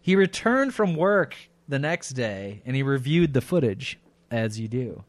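A man co-hosting a podcast, chatting crudely and laughing often. His voice sits at an ordinary middle pitch. The sound is dry and close, with no room around it. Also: sing-song, a little slow, no room sound. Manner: crude, laughing, puts on silly voices in anecdotes. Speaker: podcast co-host. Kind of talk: casual comedic chat.

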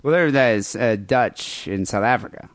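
American dude on a podcast, sarcastic and rambly, swears a lot, dry close mic. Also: male voice, lowish voice, moderate pace, no room sound. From United States. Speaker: podcast co-host. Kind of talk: casual crude banter, reading listener emails.

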